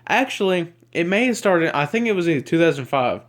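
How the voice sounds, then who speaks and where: A man's voice: on the high side, lively intonation, normal speed, few pauses. A man with a Southern US accent ranting to camera as a YouTuber. He is upset and agitated, rambling and stammering over repeated words, recorded on a handheld camera mic.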